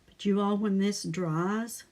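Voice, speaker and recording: A woman's voice: mid-range voice, steady tone, takes it slowly, a little mellow. An older woman hosting a scrapbooking channel, chatting casually and greeting viewers by name while she works on a page. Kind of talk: casual crafting livestream chat.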